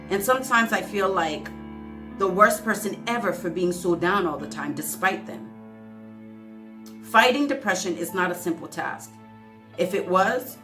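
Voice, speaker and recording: A woman's voice: fairly low pitch, bright, forceful tone. Earnest woman holding back tears. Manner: earnest, emotional, halting reading with self-corrections. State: close to tears. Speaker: vlogger. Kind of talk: heartfelt vlog talk and reading a letter aloud.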